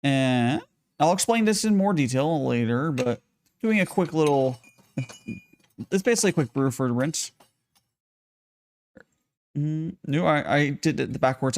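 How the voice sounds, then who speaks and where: A man chatting casually on a livestream while brewing tea, rambling, greeting viewers and swearing offhandedly. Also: a little high. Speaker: streamer brewing tea live.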